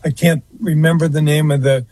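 A husky man tells a long story as an interview guest, rambling a little and filling pauses with uh and um. His voice sits a touch high for a man. The sound is close and dry. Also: steady tone, darkish tone, dry recording. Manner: rambling, fills pauses with uh and um, restarts. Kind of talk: anecdotal storytelling in conversation.

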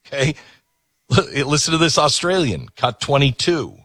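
A man's voice: on the high side, sing-song, normal speed, bright, forceful tone, breathy edge, no echo, clean studio sound. A man hosting a show, commenting emphatically on clips he plays. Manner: emphatic, preachy. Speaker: commentator host.

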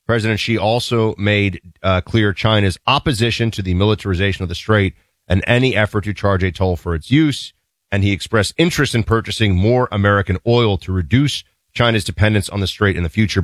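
A man with a lowish voice co-hosts a talk show, riffing on the day's news with wry, animated commentary. The sound is dry and close, with no room echo. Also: a little fast. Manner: animated, wry, laughs at own points. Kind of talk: casual political commentary.

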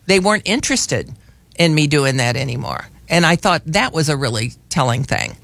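A man's voice: fairly high pitch, lively intonation, normal speed, vocal fry, fairly bright tone. A man in his sixties hosting a talk radio show, telling stories in a chatty way with many restarts. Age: 60s. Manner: chatty storyteller, frequent restarts. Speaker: radio host. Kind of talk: casual talk radio chat. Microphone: studio mic.

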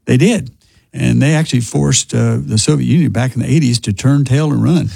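A man in casual talk-show chat about current events, relaxed and folksy with frequent fillers. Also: mid-range voice, a little fast, vocal fry, breathy edge, no echo, studio quality.

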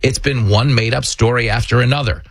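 A man's voice: mid-range voice, steady tone, a little fast, no echo. A man hosting a political commentary show, talking emphatically and sarcastically. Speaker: show host.

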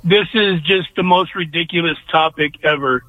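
A man's voice: fairly high pitch, moderate pace, dry recording. A male caller from California on a sports show, talking bluntly and emphatically in a rant. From Orange, California. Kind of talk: phone-in rant. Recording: tinny dry phone line.

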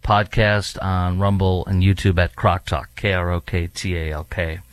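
A man's voice: low-pitched, level tone, normal speed. A man hosting his own talk show, delivering a heated, emphatic opinion monologue with many fillers. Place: studio in a large US city.

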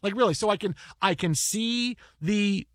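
A man telling a story in casual chat, animated and quick, often restarting his sentences. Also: high voice, no echo, clean studio sound. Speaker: podcast host and broadcaster.

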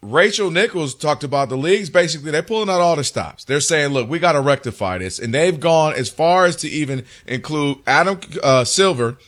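A man co-hosting a casual sports talk show, recounting stories in a conversational, animated way. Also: fairly high pitch, a little fast, hardly any pauses. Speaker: co-host.

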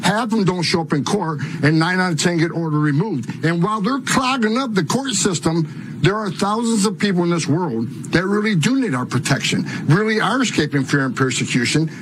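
A man, a guest commentator, making a forceful, argumentative point. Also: high voice, animated, brisk, a little hiss or hum, rough recording.

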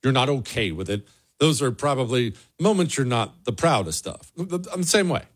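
A man's voice: mid-range voice, animated, normal speed. A man hosting a political commentary show, delivering a sarcastic, emphatic solo monologue with a lot of repetition. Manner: sarcastic, emphatic, repeats for effect.

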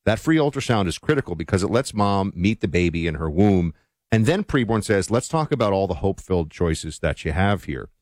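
A man's voice: low voice, sing-song, a little fast, a little mellow, no echo. A man co-hosting a talk radio show, chatting and reading a live sponsor spot with emphasis. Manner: conversational, emphatic ad delivery. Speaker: radio co-host.

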